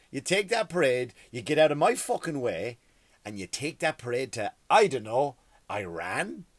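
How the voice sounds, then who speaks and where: A man's voice: a little high, very animated, moderate pace, no echo. A man, a stand-up comedian, delivering a profane, exasperated comedy rant. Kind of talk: ranting comedy monologue.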